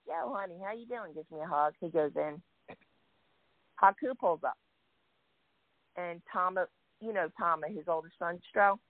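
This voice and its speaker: A woman hosting a casual chat, telling a story in a lively way and acting out what others said. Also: lowish voice, no room sound. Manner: lively storyteller, acts out quoted voices. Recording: tinny dry phone line.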